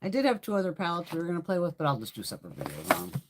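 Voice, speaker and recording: Lively, chatty woman who swears freely. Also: deep voice, racing, a little hiss or hum. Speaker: beauty livestream host. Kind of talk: casual chat during makeup try-on.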